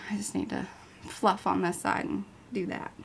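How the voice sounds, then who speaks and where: A woman's voice: medium pitch, flat delivery, moderate pace, creaky, a little hiss or hum. A woman hosting an art livestream in her home studio, chatting playfully and teasing herself. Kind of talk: casual livestream chat.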